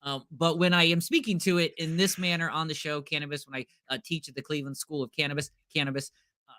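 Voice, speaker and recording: A man's voice: a little high, steady tone, quick pace, pushed and bright. A man co-hosting a casual podcast, chatty and joking, peppering his partner with questions. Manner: chatty, asks questions, jokes. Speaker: podcast co-host. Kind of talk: casual chat.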